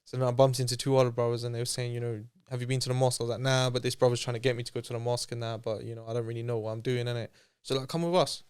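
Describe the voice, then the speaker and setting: Smooth fast-talking man telling a story. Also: medium pitch, level tone, darkish tone. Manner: chatty, slangy, acts out quoted voices. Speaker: interview guest. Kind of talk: casual storytelling.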